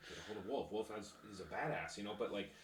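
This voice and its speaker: A man's voice: on the low side, fast, slight background noise. A man hosting a podcast, chatting in a casual interview style, earnest and encouraging, with some casual swearing. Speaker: podcast host. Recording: echoey room, far from the mic.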